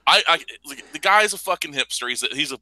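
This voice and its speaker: A man's voice: fairly high pitch, expressive, fast talker, bright, forceful tone, poor audio. A man hosting a podcast, talking in casual, profane, mocking chat and laughing often. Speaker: podcast host.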